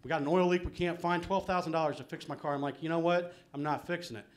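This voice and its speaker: On stage at a small venue, a middle-aged comic delivers a rambling, self-deprecating live set, sprinkling "man" and "um" everywhere. His voice is fairly high, his intonation fairly flat, and he talks quickly.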